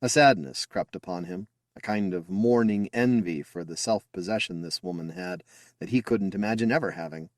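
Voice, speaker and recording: A man's voice: low-pitched, moderate pace, no echo, clean studio sound. A man reading a science fiction story aloud as an audiobook narrator, telling it expressively. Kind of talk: scripted narration.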